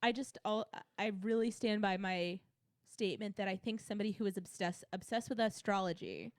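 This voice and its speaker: A woman's voice: medium pitch, lively intonation, a little fast, no room sound, clean studio sound. A young adult woman co-hosting a casual review chat, talking candidly and with opinions, full of fillers and restarts. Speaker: co-host reviewing theme park events.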